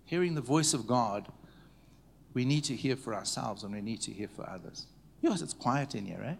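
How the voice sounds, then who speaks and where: Hushed storytelling male preacher. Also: mid-range voice, lively intonation, moderate pace, gravelly, slight background noise. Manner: conversational, checks in with the audience; drops to a hushed tone at tender moments. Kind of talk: storytelling sermon. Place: church meeting before a live audience.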